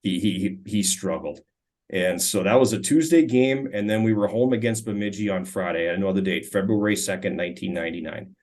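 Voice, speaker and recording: Man, 40s, from Minnesota, lowish voice, casual interview storytelling, repeats words when starting sentences. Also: fairly quick. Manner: relaxed, frequent stammered restarts. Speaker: guest, former hockey player and radio color commentator.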